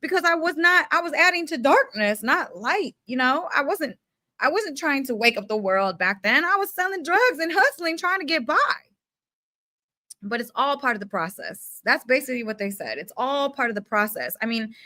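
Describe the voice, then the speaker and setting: A young woman launches into an unfiltered motivational rant, her voice bright and forceful and pitched a touch high. She talks in loose, slangy bursts and leans hard on her emphasis, with a mild curse thrown in. The recording is close and dry. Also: moderate pace, no room sound. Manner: animated, emphatic and casual, with slang and mild swearing. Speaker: spiritual self-help speaker.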